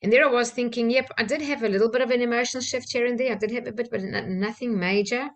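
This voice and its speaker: A woman, a personal-development trainer from South Africa, telling a candid personal story with soft laughs and fillers. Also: on the high side, steady tone, fast.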